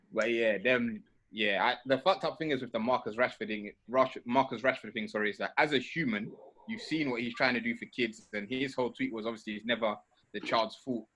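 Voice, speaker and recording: A man hosting a casual podcast, bantering loudly and joking with friends. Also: mid-range voice, brisk. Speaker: podcast host. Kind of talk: casual chat.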